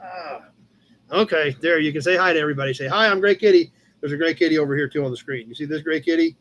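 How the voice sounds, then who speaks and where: A man using a soft, coaxing baby-talk voice on his pet cat, meowing at it. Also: on the high side, expressive, fast talker, slight background noise. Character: cutesy voice talking to a pet cat.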